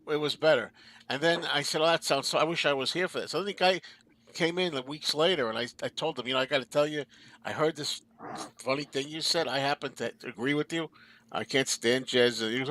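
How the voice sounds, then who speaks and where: A man with a somewhat raised voice hosts a relaxed livestream chat. He tells a story in a rambling way and laughs mid-sentence as he goes. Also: fairly high pitch. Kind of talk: casual chat.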